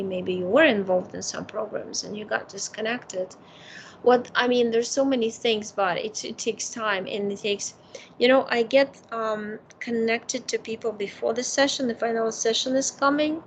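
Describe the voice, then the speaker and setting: A woman's voice: mid-range voice, expressive, normal speed, gravelly, a little hiss or hum, poor audio. A woman psychic consultant in a casual consultation, giving emphatic advice. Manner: emphatic, advising.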